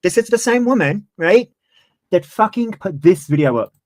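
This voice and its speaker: A man's voice: sits high, expressive, normal speed, a little mellow, no room sound. A man in his twenties, ranting heatedly on a livestream and swearing freely. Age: 20s. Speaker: streamer. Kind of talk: livestream commentary.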